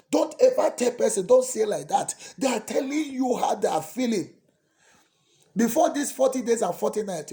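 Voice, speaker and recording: Priest preaching with a lively voice. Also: male voice, high-pitched. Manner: dramatic swings from soft to loud, pleading. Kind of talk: sermon.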